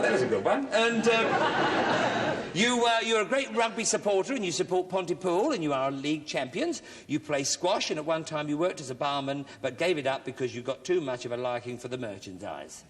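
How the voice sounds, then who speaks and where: A man's voice: fairly high pitch, a bit bright, a little hiss or hum. A middle-aged man hosting a television game show, bantering and teasing contestants with puns. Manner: joking, teasing punning patter. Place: television studio with audience. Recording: reverberant TV studio with audience laughter.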